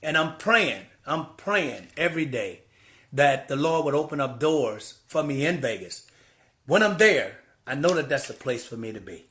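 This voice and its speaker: A man sharing a personal testimony in a vlog, an animated, preacherly storyteller who repeats phrases for emphasis. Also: on the high side, normal speed. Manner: preacherly, heartfelt. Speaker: church volunteer sharing his story.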